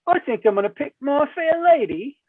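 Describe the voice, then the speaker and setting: High-voiced man over a tinny line. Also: animated, a crowd in the background. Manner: blunt, joking, halting restarts. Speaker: guest film reviewer. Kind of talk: casual podcast chat.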